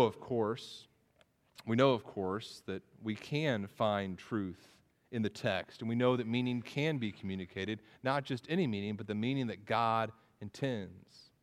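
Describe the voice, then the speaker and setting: A man preaching a sermon as pastor, often restarting phrases and repeating words. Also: fairly low pitch. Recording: reverberant hall.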